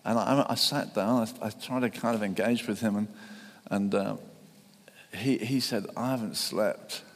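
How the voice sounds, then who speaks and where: Gravelly preacher in an echoing hall. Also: male voice, fairly low pitch, steady tone. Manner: halting with many restarts, building to fervent emphasis. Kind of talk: sermon. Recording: long reverb in a large hall.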